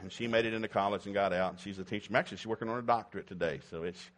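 Middle-aged guy preaching, folksy and jokey, big loud whoops then quiet bits. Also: fairly low pitch, very fast. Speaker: pastor. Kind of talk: sermon.

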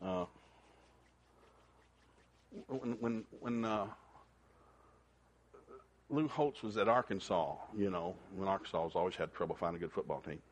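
A man's voice: a little slow, pauses often, slight background noise. A man preaching a sermon in a folksy storytelling manner, acting out the people in his stories. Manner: folksy, animated, acts out characters in a shouting high voice.

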